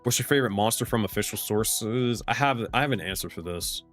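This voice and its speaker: A man's voice: fairly low pitch, a little fast, fairly bright tone, soft background music. A young man, a streamer and game master, answering chat questions in a loose, rambling way with restarts and casual swearing. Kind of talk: casual livestream Q&A.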